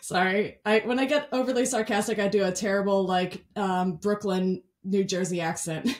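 A woman's voice: mid-range voice, fairly even intonation, moderate pace. A young woman hosting a podcast in a casual, bubbly way, laughing often. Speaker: podcast host.

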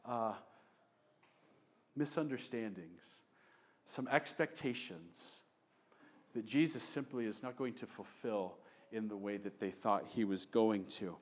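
A male pastor preaching a sermon in an animated way, acting out shouting crowds and dropping to quiet talk. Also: mid-range voice.

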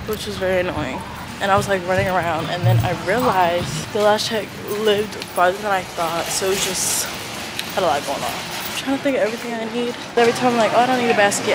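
Twenties woman vlogger from Atlanta, casual and slangy, mid-pitched, with clear noise behind her. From Atlanta, Georgia. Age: 20s. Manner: chatty, slangy, talks straight to viewers. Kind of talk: casual vlog chat.

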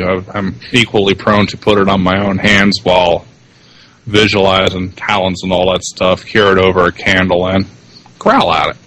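A man's voice: fairly low pitch, a bit bright, rough recording. A man co-hosting a podcast, chatting casually, rambling and laughing often, with some swearing. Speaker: podcast co-host. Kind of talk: casual chat.

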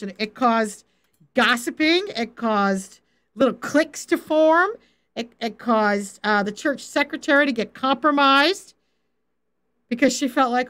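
High-pitched lady faith coach, middle-aged, talks straight to her chat, firm but loving. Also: animated, measured pace, fairly bright tone. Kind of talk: livestream Bible teaching.

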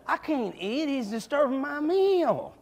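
A preacher voicing a whiny resentful elder brother. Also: male voice, very high-pitched, big pitch swings, a little slow, darkish tone, voice pushed up, exaggerated voice. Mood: complaining. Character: resentful grown elder brother complaining to his father.

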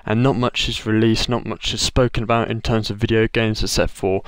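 Male gaming vlogger, smooth voice, dry close sound, rambling casual delivery. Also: fairly low pitch, flat delivery, brisk, no room sound. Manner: rambling, loose, with restarts and trailing phrases. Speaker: gaming YouTuber. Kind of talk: casual vlog update to viewers.

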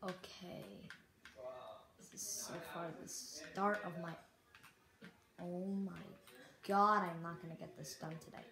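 A young Canadian speaker giving rambling, apologetic let's-play commentary while building in a survival game. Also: female voice, on the low side, steady tone, unhurried, long pauses. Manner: rambling, self-deprecating, apologetic. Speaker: gaming YouTuber. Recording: echoey room with faint noise.

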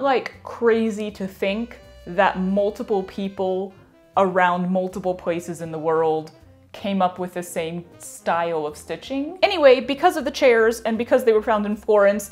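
A woman hosting an embroidery vlog, talking casually in a chatty, self-deprecating, rambling way. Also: medium pitch. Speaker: embroidery channel host. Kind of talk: casual vlog talk to camera.

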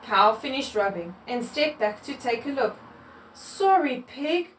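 A woman reading a picture book aloud to children, in an expressive storytelling manner. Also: a little high, moderate pace, slight background noise. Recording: echoey room, mic far off.

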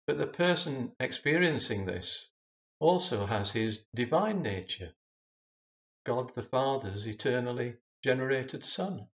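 A man preaching a sermon in a slow, measured and solemn way. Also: mid-range voice, animated, dull audio.

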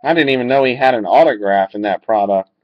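A man opening trading card packs live and calling out each pull, reacting with excitement. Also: mid-range voice, fast talker. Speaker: card breaker. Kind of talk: live card break commentary. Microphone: webcam mic. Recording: dull lo-fi webcam audio.

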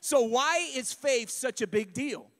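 A male pastor preaching a sermon, emphatic and building to shouts. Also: extremely high pitch, expressive, unhurried. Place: church sanctuary. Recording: long reverb of a church hall.

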